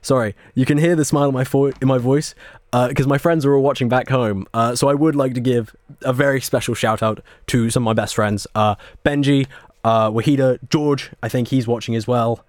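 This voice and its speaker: Young male radio host, mid-pitched, rambling and self-deprecating, dry close sound. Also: steady tone, brisk, no room sound. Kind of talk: casual radio show intro. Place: small studio, alone.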